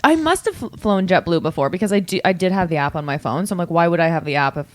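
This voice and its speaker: A woman co-hosting a podcast in casual chat, rambling with many fillers and giggles, her voice lower from the morning. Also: lively intonation, fast talker, no echo. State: morning voice, lower than usual. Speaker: podcast co-host.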